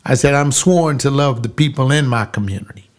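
An older man, a pastor, telling a personal story slowly and emphatically, repeating phrases and rising into preaching. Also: mid-range voice.

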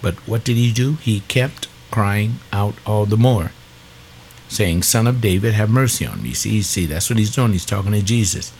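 A man with a low voice teaches scripture as a pastor, reading verses and talking them through in a loose, conversational way. He often repeats words while he preaches. Faint noise sits under the recording. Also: normal speed, a little mellow. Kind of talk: call-in Bible teaching.

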